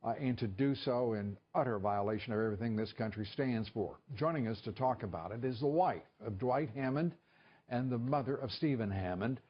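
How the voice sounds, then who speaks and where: A male television host delivers opinionated news commentary in a mid-pitched voice, pausing with occasional fillers. The broadcast audio sounds dull and lo-fi. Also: breathy edge.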